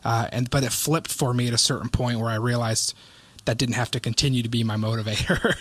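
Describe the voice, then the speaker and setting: A man's voice: mid-range voice, steady tone, brisk, no room sound. Interview host: man, mid voice, curious and probing, dry close sound. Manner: probing questions, relating own experience. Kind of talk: interview conversation.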